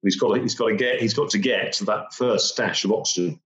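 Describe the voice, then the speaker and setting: A man's voice: fairly low pitch, a little fast, a bit bright. A man telling a personal story in vivid detail, repeating phrases and acting out the moments he describes. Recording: roomy, dull lo-fi sound.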